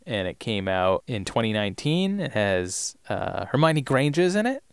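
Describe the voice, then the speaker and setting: A man co-hosting a podcast in easygoing casual chat, often trailing off softly at the ends of sentences. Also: on the low side, sing-song, normal speed, smooth, no echo, studio quality. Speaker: podcast co-host.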